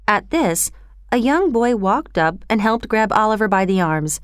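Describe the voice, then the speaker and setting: A woman reads a storybook chapter aloud in a calm, even way. Her voice is smooth and clear in a dry recording, with a middle pitch. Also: normal speed, no room sound. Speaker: narrator.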